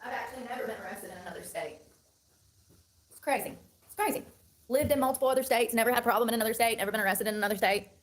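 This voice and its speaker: A woman in her thirties delivers a heated monologue to camera, talking quickly in a slightly high voice. She swears freely and circles back over the same points. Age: 30s. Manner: heated, profane, repetitive ranting. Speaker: online personality.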